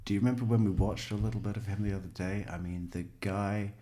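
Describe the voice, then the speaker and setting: A man's voice: fairly low pitch, steady tone, fast, dark tone. A man giving casual true crime commentary, sarcastic and mocking as he mimics what he watches.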